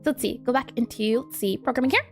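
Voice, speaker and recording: A woman's voice: a little high, quick pace, soft background music. A woman game developer on a casual live coding stream, giggling often and explaining her steps as she thinks aloud.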